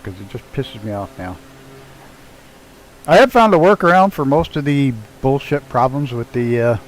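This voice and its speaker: This man's medium-pitched voice comes through a low-quality recording with a little hiss or hum. He live-streams a flight sim from home, his dog nearby, chatting loosely with viewers and swearing freely as he works the controls.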